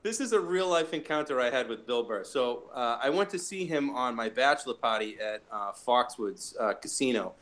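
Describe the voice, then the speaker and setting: A man hosting a podcast in casual chat, profane and animated as he tells stories. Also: mid-range voice, normal speed, hardly any pauses. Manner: profane, animated storytelling with many restarts. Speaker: podcast host.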